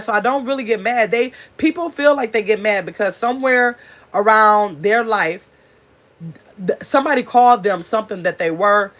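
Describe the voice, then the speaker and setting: A woman's voice: medium pitch, fairly bright tone. A middle-aged woman hosting her own channel, talking bluntly and casually to the camera and calling her viewers y'all. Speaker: channel host.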